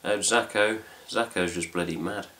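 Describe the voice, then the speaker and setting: A man's voice: low voice, fairly even intonation, moderate pace, sharp tone. A middle-aged man with an English accent, rambling casually to camera at home as host of a fan news video, swearing lightly as he goes. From England. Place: home room with cats.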